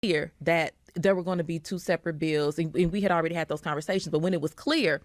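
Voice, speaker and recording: A woman talking in a podcast interview clip, halting and repeating words as she explains. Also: sits low, fairly even intonation, no echo, clean studio sound.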